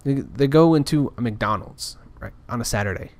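A man's voice: mid-range voice, animated, moderate pace, no echo. Frustrated rambling man, dry sound. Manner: frustrated, rambling with many restarts. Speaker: podcaster. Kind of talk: casual ranting monologue.

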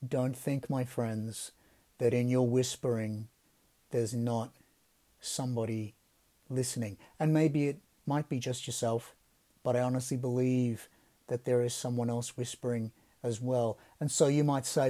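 A man gives a devotional podcast reflection in a mellow, warm-toned voice at an ordinary middle pitch. His delivery is gentle and reflective, and his phrases often sink into soft, quiet endings. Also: fairly even intonation, a little slow. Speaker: podcast host.

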